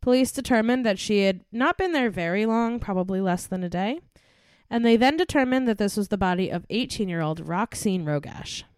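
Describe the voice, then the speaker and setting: A young woman speaks in a clear, resonant mid-range voice, animated and fairly quick, with clean studio sound and no echo. Co-hosting a true crime podcast, she trades chatty, giggly banter with her friend before reading case notes on a murder, laughing frequently.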